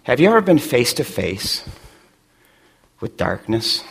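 A middle-aged male pastor from West Michigan preaches with fervor, pushing his voice up toward near shouts. The sound carries a long reverb, as if it were picked up in a big church sanctuary. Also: medium pitch, very animated, unhurried, gravelly, breathy edge. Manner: impassioned, rising to near shouts. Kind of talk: sermon.

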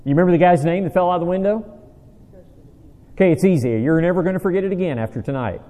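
A man's voice: high-pitched, quick pace, dark tone. Man, preacher, conversational sermon, dry self-deprecating jokes, questions to the audience, long hall reverb. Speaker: preacher teaching a Bible study.

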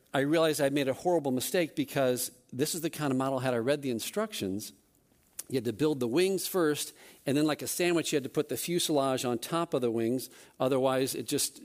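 Self-deprecating male church elder telling a story. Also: on the high side. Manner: self-deprecating, animated storytelling with acted quotes. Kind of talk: personal story in a church service.

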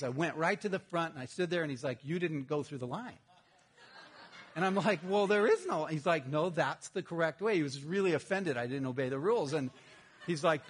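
Delivering his sermon like a funny story told among friends, this middle-aged pastor has a fairly high-pitched voice and bursts out lively now and then.

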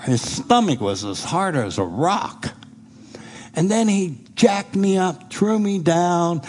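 A middle-aged man giving a preacher's testimony, telling his story in an animated way and acting out what people said. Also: fairly high pitch. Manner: animated storyteller who acts out quoted speech.

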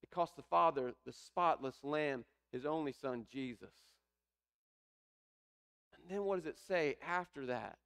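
A man's voice: medium pitch, gravelly, a bit bright. A man preaching a sermon, explaining a scripture passage with rising emphasis. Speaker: pastor.

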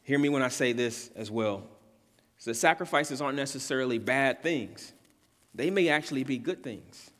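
A pastor preaching a sermon with earnest emphasis, repeating key words and rising in pitch and volume at his climactic points. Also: moderate pace, a bit bright. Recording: long hall reverb.

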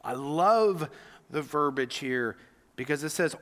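A man pastor preaching a sermon, earnest, moving between loud emphasis and hushed whispers. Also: fairly high pitch, expressive, slow, big-room sound.

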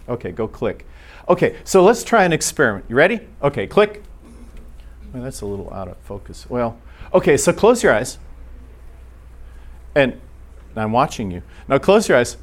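A man teaching a church class in an earnest, halting way, restarting his sentences often. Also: medium pitch.

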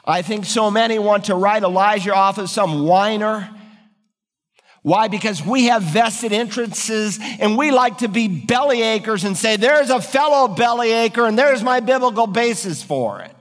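A man's voice: a little high, in a large hall. A man preaching an earnest, emphatic sermon, acting out biblical quotes with dramatic feeling. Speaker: pastor.

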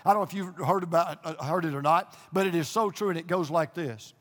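A man's voice: fairly high pitch, fairly quick, fairly bright tone, in a large hall. An older man preaching a sermon as pastor, a folksy storyteller who drives points home with emphatic repetition, speaking in a church auditorium to an audience there and online.

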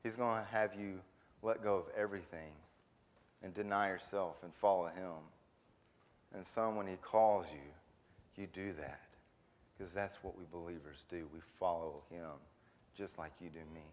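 A man voicing a gentle fisherman father who is telling his young son a story during a sermon. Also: medium pitch, normal speed, close to an everyday voice. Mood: earnest. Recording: long hall reverb.

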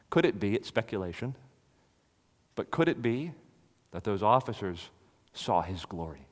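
A man's voice: on the low side, expressive, normal speed. Man preaching in a reverberant hall. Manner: dramatic swings from loud to hushed. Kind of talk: expository sermon.

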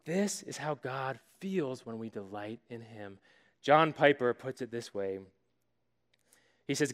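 A man preaching a sermon as pastor, telling stories with dramatic pauses and lively emphasis. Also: a little high, in a large hall. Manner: animated storytelling with dramatic pauses.

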